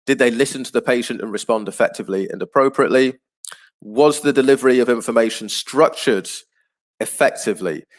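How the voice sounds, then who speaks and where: A man teaching an online class, explaining patiently and clearly, with frequent ums and uhs. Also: mid-range voice, a little fast.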